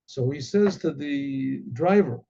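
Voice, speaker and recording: Man, rabbi, storytelling, halting, throat clearing, gravelly, dull lo-fi recording. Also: mid-range voice, expressive, mellow.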